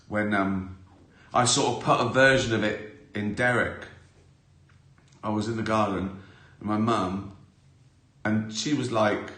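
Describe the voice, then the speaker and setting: Male host, low voice, loose rambling anecdotes, self-mocking, echoey room. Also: a bit bright. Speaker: live stream host. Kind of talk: casual anecdotal chat. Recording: roomy echo.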